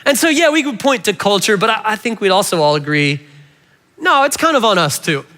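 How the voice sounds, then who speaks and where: A man preaching a sermon to a church congregation, animated and playful, often addressing the audience directly. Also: sits high, brisk. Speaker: pastor. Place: large church hall. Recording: reverberant church hall.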